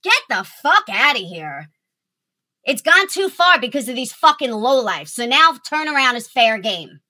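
Furious, high-pitched, swearing woman ranting. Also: sing-song, unhurried, sharp tone. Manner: furious, swearing constantly, threatening. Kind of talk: angry ranting monologue.

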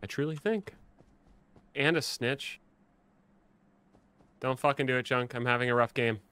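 A man streaming a game and chatting casually with friends, swearing and reacting quickly. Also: medium pitch, fairly bright tone, clean tone, no echo. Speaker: gaming streamer. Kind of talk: casual gaming chat with friends. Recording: faint background noise.

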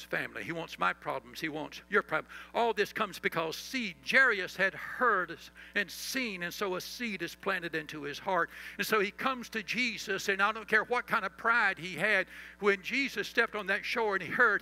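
A man pastor preaching a sermon, leading the congregation in call-and-response and reciting scripture, sometimes dropping to a soft, slow voice for emphasis. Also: sits high, creaky, faint music behind, poor audio.

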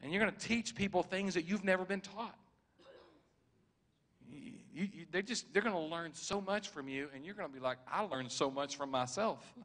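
A man's voice: high voice, moderate pace. A man, a preacher speaking prophetic words over a church member, repeating himself with restarts and chuckling often. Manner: warm, repetitive, stammering restarts, chuckles often. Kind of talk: prophetic ministry at a church service.

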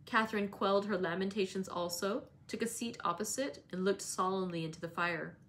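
A woman's voice: mid-range voice, brisk. Woman reading a novel aloud. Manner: steady, with occasional self-corrections. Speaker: read-aloud reader.

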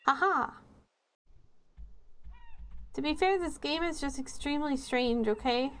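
A woman's voice: high-pitched, a little slow. A woman streaming a horror game, chatting with sarcastic jokes and giggles as she plays. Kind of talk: live game commentary.

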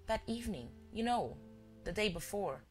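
A woman voicing a gentle, innocent young daughter who speaks softly. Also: medium pitch, animated, moderate pace, faint music behind, voice pushed up, natural voice. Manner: soft, murmuring.

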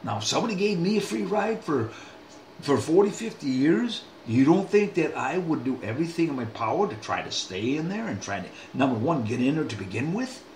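A man's voice: fairly high pitch, sing-song, a little fast, a little mellow, slight background noise. Rambling older man in an echoey room. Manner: folksy, rambling, with many restarts and asides. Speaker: vlogger. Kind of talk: casual rambling monologue. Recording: echoey room, faint ambience.

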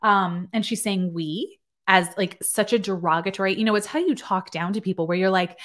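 A woman's voice: medium pitch, a little fast, fairly bright tone. A woman in her thirties, a nurse practitioner, giving sarcastic, chatty reaction-video commentary full of fillers.

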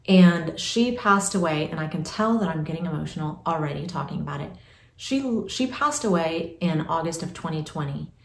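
A woman's voice: lowish voice, a little mellow, roomy sound. A woman in her forties chatting casually through a Q&A vlog, rambling with lots of fillers and restarts. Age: 40s. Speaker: vlogger.

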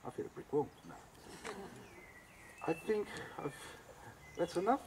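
A man's voice: fairly high pitch, animated, measured pace, gravelly, background noise. An Australian man, a cooking teacher giving a talk, tells a story with animation and acts out both sides of a conversation.

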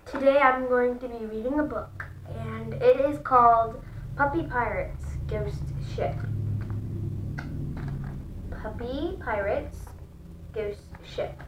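A woman reading a children's book aloud, slow and careful with small restarts. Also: on the high side, steady tone. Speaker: storybook reader. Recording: echoey room, far from the mic, faint background noise.

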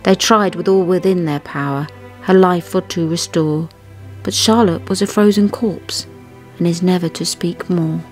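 A woman, co-host of a craft and history show, reciting verses of an old poem in a measured way. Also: fairly low pitch, steady tone, soft background music. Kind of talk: reading a poem aloud.

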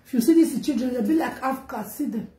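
A high-pitched woman with a Nigerian Pidgin accent runs an emotional gossip vlog, getting animated and loud as she talks. Her voice bounces around an echoey room. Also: fast. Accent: Nigerian Pidgin English. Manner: animated storytelling in Pidgin, rising and loud when upset. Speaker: vlogger. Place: home in Germany.

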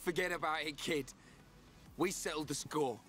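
A man's voice: on the high side, moderate pace, music in the background, close to an everyday voice. An actor playing a blunt, cocky young male fighter in a video game.

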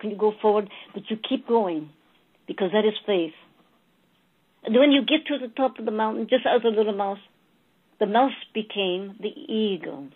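A woman delivers a channeled spiritual message, slowly telling a fable and addressing her listeners as beloved souls. Her voice is husky and sits at a medium pitch. The audio is tinny and narrow, like a phone line.

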